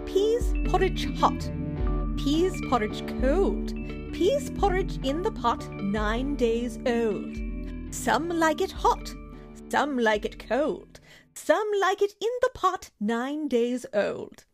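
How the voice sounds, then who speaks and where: A woman's voice: sits high, sing-song, takes it slowly, loud music behind the voice, full character voice. A woman voicing a pompous upper-class English lady in a put-on received-pronunciation accent, clipped and haughty. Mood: sing-song.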